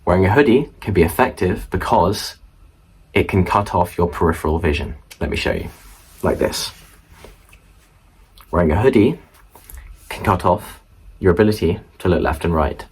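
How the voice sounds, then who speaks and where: A young student vlogger with a deep, slightly rough voice and lively intonation explains study tips at a moderate pace, pausing often and adding chatty asides. He talks casually to camera in a room at home, and the camera mic facing viewers yields a rough recording.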